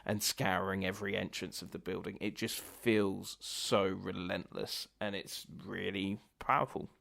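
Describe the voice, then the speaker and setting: A man's voice: sits low, fairly even intonation, unhurried, creaky, fairly bright tone. A man co-hosting a film review podcast, talking through his points thoughtfully and at length. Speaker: podcast co-host. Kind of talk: casual film review chat.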